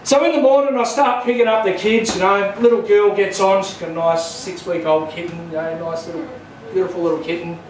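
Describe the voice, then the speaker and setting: An Australian man with a notably high voice doing stand-up comedy in a small, very echoey club. His crude story builds in rowdy bursts, and he is recorded from well back off the mic. A faint murmur of the room sits underneath. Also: steady tone, fairly quick, darkish tone, recorded from a distance, a little hiss or hum.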